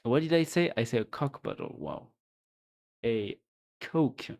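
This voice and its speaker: A man from France with a French accent, streaming and chatting casually in English, playful and quick to laugh, often trailing off and restarting. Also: mid-range voice, big pitch swings, vocal fry, a little mellow. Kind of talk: casual live-stream chat.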